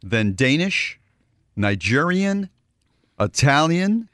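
A man's voice: a little high, slow, no room sound, clean studio sound. A man co-hosting a radio show, bantering and joking in casual talk. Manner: joking, teasing, lively delivery. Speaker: radio co-host.

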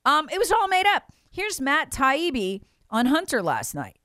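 A woman's voice: sits high, huge pitch swings, measured pace, pushed and bright, dry recording, studio quality. A woman giving emphatic, indignant political commentary on a talk show, mocking the officials she quotes.

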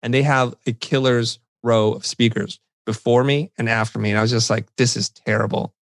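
A middle-aged man, a guest on an interview podcast, telling lively, self-deprecating stories and acting out what people said. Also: mid-range voice, brisk, no room sound. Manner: animated, self-deprecating anecdotes with quoted dialogue. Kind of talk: conversational storytelling.

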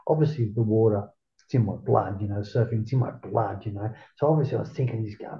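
Gravelly middle-aged Australian man, roomy. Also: fairly low pitch, lively intonation, fairly quick. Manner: rambling, profane, peppered with "mate". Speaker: interview guest. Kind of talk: casual storytelling. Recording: roomy, dull lo-fi sound.

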